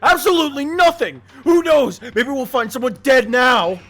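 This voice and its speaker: A man's voice: extremely high pitch, lively intonation, normal speed, soft background music, voice pushed up, exaggerated voice. A man doing a furious ranting student. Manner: loud, shouting and scornful. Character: angry student ranting at the group.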